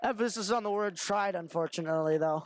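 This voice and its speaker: A young man giving fast running play-by-play of a hockey game, shouting when shots and goals come. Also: high voice, slight background noise. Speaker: play-by-play commentator. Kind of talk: amateur hockey play-by-play commentary.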